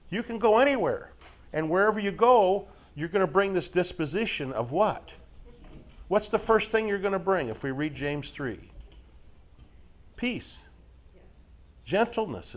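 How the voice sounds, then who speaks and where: Middle-aged male preacher, slightly high voice with a bouncy, animated lilt, folksy sermon packed with rhetorical questions. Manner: asks frequent rhetorical questions and tag checks; folksy, lively, jokes with listeners. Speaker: Bible teacher. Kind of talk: conversational sermon to a live group.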